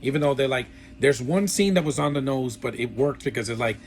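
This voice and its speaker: A man's voice: mid-range voice, brisk, faint music behind. A man giving a casual, rambling film review with blunt opinions and lots of fillers. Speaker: movie reviewer.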